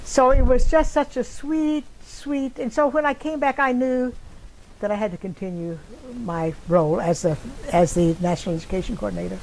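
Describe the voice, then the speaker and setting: A woman's voice: on the high side, steady tone, normal speed, a little mellow, slight background noise, low-quality recording. An older woman with a Texan accent, telling a personal story in a rambling way and acting out the voices of the people in it. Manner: rambling, acts out quoted voices. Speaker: interviewee.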